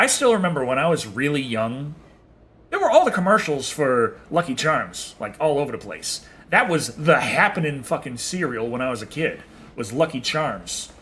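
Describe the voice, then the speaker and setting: A man's voice: medium pitch, pushed and bright, a little hiss or hum. A man streaming a game and chatting casually with viewers, rambling and swearing with a chuckle. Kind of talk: casual chat with viewers while playing.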